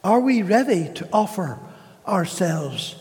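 A man delivers a sermon in a high, lively voice that rises and falls widely. He speaks slowly, in short measured phrases with dramatic pauses, and his words ring through a hall with long reverb. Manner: slow, measured preaching with dramatic pauses, voicing scripture quotes. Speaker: preacher.

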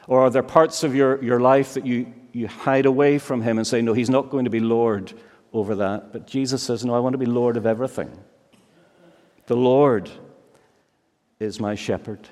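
A man preaching a sermon, slow and emphatic, with many searching rhetorical questions. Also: mid-range voice, darkish tone. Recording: long reverb of a large hall.

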